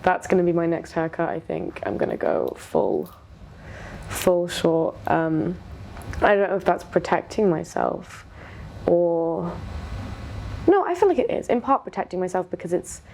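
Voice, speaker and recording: A young woman being interviewed, talking candidly and reflectively, often pausing and restarting her sentences. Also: lowish voice, animated, darkish tone, slight background noise. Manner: reflective, hesitant, many restarts, laughs while retelling stories. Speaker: interview guest.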